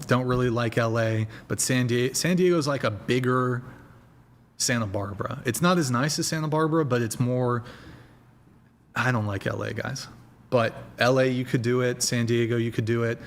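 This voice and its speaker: A young man chats loosely on a livestream, rambling from one thought to the next and swearing casually. His voice sits in a middle pitch, picked up by a desk mic at home. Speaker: host.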